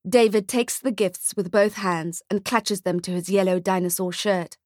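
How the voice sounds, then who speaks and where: A woman narrating a dark-humoured short story with a measured, scripted delivery. Her voice sits at a middle pitch for a woman and is recorded close and dry, with no room sound. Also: fairly even intonation, dry recording. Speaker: audiobook narrator.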